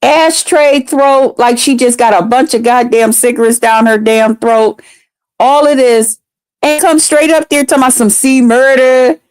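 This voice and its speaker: A woman's voice: a little high, fairly even intonation, a little mellow, clear, resonant tone, dry recording. A woman ranting as a vlogger in a casual storytime, heated and full of profanity. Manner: profane, heated, drawn-out delivery.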